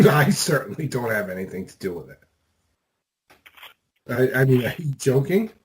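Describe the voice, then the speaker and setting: A man's voice: mid-range voice, big pitch swings, normal speed, a little hiss or hum. A man on a phone call, puzzled and defensive. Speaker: call recipient. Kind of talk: phone conversation.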